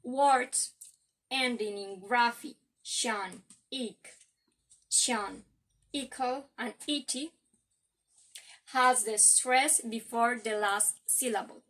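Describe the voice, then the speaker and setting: Young colombian woman explaining slowly, bright higher voice, class presentation. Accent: Colombian Spanish. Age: young adult. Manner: slow, careful, explanatory. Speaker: student presenter. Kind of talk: class presentation on word stress.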